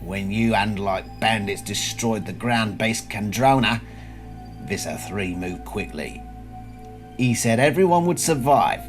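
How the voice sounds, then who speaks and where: A man voicing a bitter, vengeful male alien slug in a human host, in a Cockney accent, reading book lines in a low, hushed, seething way. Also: expressive, unhurried, over music. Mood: grieving. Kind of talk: dramatic reading of a book passage.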